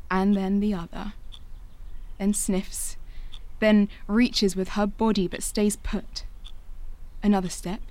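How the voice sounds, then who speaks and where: This is a slow, unhurried narrator in an audio drama, a young woman recalling her family. Her pitch sits mid-range and she talks quietly and reflectively, letting each thought settle before the next. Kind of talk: scripted first-person audio drama narration.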